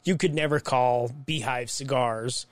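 A man's voice: mid-range voice, steady tone, measured pace, no echo. Profane man telling work stories. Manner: profane, storytelling with acted quotes. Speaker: podcast co-host. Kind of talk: casual chat.

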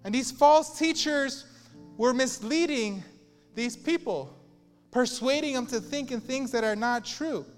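High-voiced emphatic male pastor. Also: a little slow, in a large hall, faint music behind. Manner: emphatic, repetitive preaching with rising intensity. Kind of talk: sermon.

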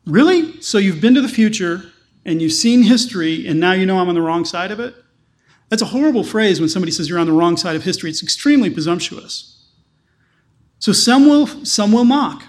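A man's voice: sits high, lively intonation, fairly quick. A man, a pastor, preaching a sermon with emphatic, repeated phrases.

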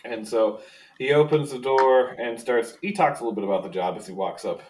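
A man's voice: mid-range voice, fairly quick, a little mellow, slight background noise. Chatty, laughing male game master. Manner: laughs often, loose and chatty. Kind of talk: narrating a tabletop game.

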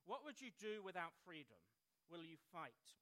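A rousing rebel leader rallies his troops, as an English preacher recites the film speech. He declaims loudly and keeps his own English accent. The voice is high and bright. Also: expressive, moderate pace.

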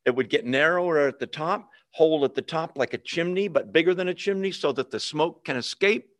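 A man's voice: a little high, a little fast, a bit bright, no room sound. A man teaching a Bible lesson in a conversational way, often checking in with his listeners.

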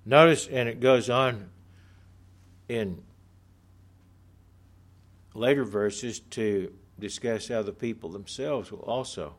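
Earnest male preacher delivering a sermon. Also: medium pitch. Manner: earnest, emphatic, slows for stress.

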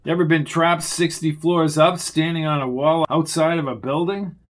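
A man's voice: a little high, steady tone, moderate pace, lightly acted. A man reading the lines of a grumpy, sarcastic male detective in a clipped manner. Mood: gruff sardonic.

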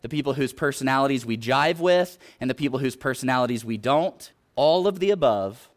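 Guy preaching a sermon, earnest and urging, middle-pitched voice. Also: expressive, a little fast. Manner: earnest, exhorting, retells scripture stories.

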